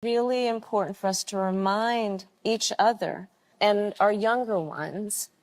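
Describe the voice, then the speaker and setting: A woman's voice: medium pitch, unhurried. A woman talking in an interview, reflective and storytelling in manner. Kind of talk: interview talk.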